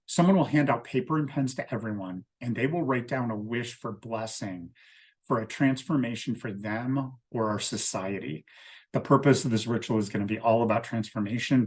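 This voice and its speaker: A man leading a ritual, explaining it step by step in a steady, methodical way. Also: mid-range voice, normal speed. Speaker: ritual leader.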